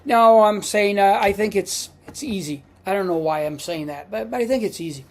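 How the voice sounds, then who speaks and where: A man with an Italian accent teaching pronunciation in a video lesson, patient and repeating each word, with frequent "uh" pauses. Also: high voice. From Italy. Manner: slow, patient, repeats words for practice; frequent hesitations with uh. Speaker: language teacher.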